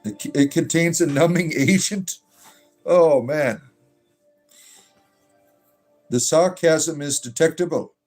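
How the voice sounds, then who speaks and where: Male bard streamer, playful banter with chat, slightly high voice, soft music under. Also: takes it slowly, long pauses. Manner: joking, reacts to chat messages, blesses viewers. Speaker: livestream host reading chat. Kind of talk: casual livestream chat.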